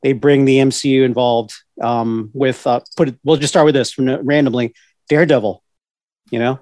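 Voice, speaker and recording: A man co-hosting a casual podcast chat, excitable and full of stumbling restarts. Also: medium pitch, moderate pace, dry recording. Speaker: podcast co-host.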